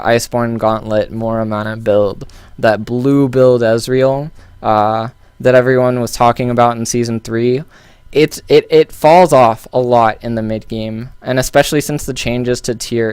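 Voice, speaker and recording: A man walks through a recorded match, talking loosely and often restarting his sentences. His voice is smooth and clear at a middle pitch. He sits close to the mic in a dry, dead room. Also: darkish tone, no echo. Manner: loose and thinking aloud, with many fillers and restarts. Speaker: game analyst. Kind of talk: casual game analysis commentary.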